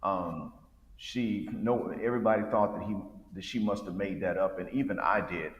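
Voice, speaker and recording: A man joining a casual discussion, speaking in a measured, reflective way with some fillers. His voice sits very low. The recording rings with a long reverb from a hard room. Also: highs cut off.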